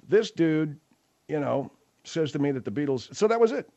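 A man's voice: a little high, sing-song, normal speed, mellow, highs cut off. A man hosting a late-night radio talk show, telling rambling, slangy stories. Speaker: radio host.

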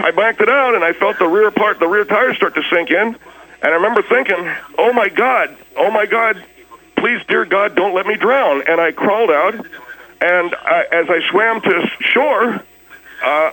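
A man's voice: high voice, bright, forceful tone, poor audio. A man playing a hapless, defensive small-town guy who rambles through his story in a radio comedy bit. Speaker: recurring comedy character on a radio show.

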